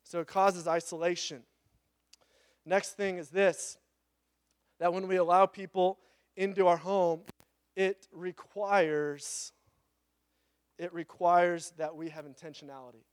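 A pastor preaching a conversational sermon, acting out little quoted voices and joking asides. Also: male voice, sits high, steady tone, slow pace, pauses often, smooth, no room sound, clean studio sound.

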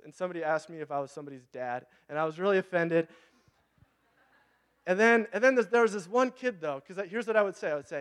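A man's voice: sits high, fast talker, clear, resonant tone. A man in his thirties with a Pacific Northwest American accent, preaching a conversational sermon and asking the congregation questions. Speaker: pastor.

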